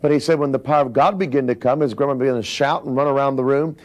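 A man recounts a minister's life story in a steady, mid-pitched voice. He explains things plainly and now and then adds his own asides. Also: very fast. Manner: plain explanatory delivery with occasional personal asides. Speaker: speaker recounting a minister's biography. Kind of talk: biographical teaching talk.

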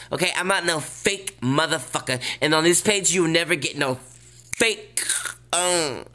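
A woman's voice: low voice, sharp tone. Brash, profane woman vlogging from bed. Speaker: vlog host. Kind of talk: casual vlog rant. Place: lying in bed.

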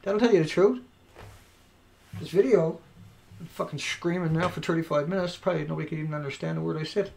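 A man recording an angry, profane rant to camera, swinging between yelling and quiet muttering. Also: a little high, fast, creaky, pauses often, slight background noise. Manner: profane, shouting and then dropping to quiet. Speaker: video blogger. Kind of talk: angry ranting monologue. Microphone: home recording mic.

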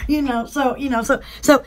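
A woman's voice: sits high, husky. A woman hosting a casual home shopping live stream, rambling and laughing often as she chats and mimics household appliance noises.

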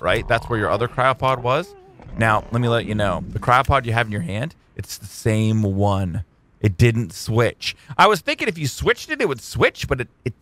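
Excitable man doing game commentary. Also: on the high side, a little hiss or hum. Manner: excitable, jokey, talks to his tamed creatures. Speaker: gaming YouTuber. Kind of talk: let's play commentary.

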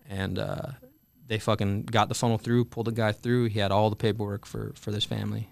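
A young man in his twenties telling a story in a candid, profane way, halting with many fillers in an interview. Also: on the low side, flat delivery, creaky. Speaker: guest, Marine veteran.

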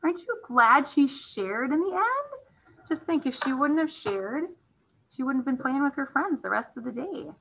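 Bright, lively woman teacher reading aloud. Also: high-pitched, normal speed, gravelly, poor audio. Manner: gently questioning. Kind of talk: storybook read-aloud.

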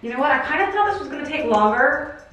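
A woman's voice: high-pitched, lively intonation, quick pace, fairly bright tone, slight background noise. A young woman vlogging at home in a casual, chatty, giggly way. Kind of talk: casual vlog chat. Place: at home, indoors. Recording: echoey room.

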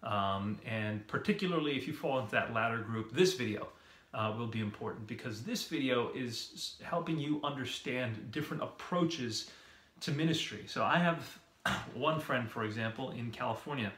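A man's voice: medium pitch, moderate pace, a bit bright, echoey room. A man co-hosting a video series, explaining ideas in a casual way and posing repeated rhetorical questions. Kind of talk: casual explanatory talk to camera.

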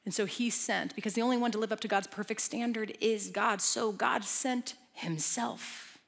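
A woman preaching a sermon in an animated, playful, conversational way, bringing a live congregation along. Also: on the high side, moderate pace, creaky. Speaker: guest preacher. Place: large church auditorium with live congregation. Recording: long church hall reverb.

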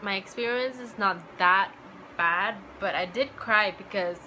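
Young woman, vlogger, bright clear tone, chatty and filler-heavy, faint background hiss. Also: medium pitch, a little slow, poor audio. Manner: chatty, full of "like" fillers, acts out remembered dialogue. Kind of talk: casual personal storytelling.

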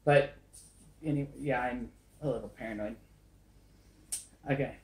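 A woman with a very deep, slightly mellow voice pours paint while chatting to camera at a moderate pace. This acrylic pour artist keeps it casual and self-deprecating, giggles a lot, and is recorded in an echoey room.

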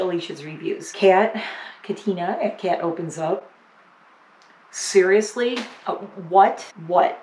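A woman YouTuber unboxing holiday gifts on her vlog, gushing and gasping with excitement. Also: fairly low pitch, a little hiss or hum.

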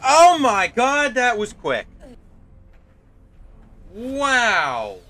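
A man's voice: extremely high pitch, wildly swooping pitch, extremely slow, sharp tone. A man streaming a video game, chatting casually, swearing now and then, and talking to the game. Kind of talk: casual gameplay commentary.

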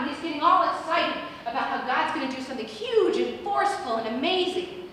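A woman pastor preaching a sermon, telling a story with lively acted-out quotes. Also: sits high, a little fast, distant mic, a little hiss or hum. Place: large church sanctuary. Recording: echoey church hall recorded from afar.

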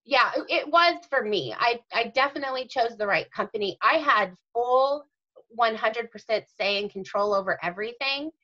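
A woman's voice: fairly high pitch, animated, moderate pace, bright, forceful tone. A woman author and mother answering interview questions, explaining things earnestly and in detail. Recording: dull lo-fi audio.

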